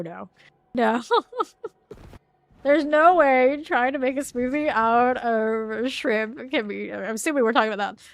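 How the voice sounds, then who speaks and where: A woman's voice: on the high side, no room sound. A woman streamer chatting casually while playing a game live, rambling and laughing often.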